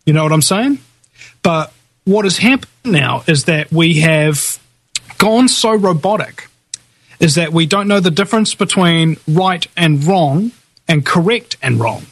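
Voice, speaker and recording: A man's voice: on the high side, animated, measured pace, fairly bright tone, no echo. A male guest in a casual talk show conversation, opinionated and hesitant at the starts of his thoughts.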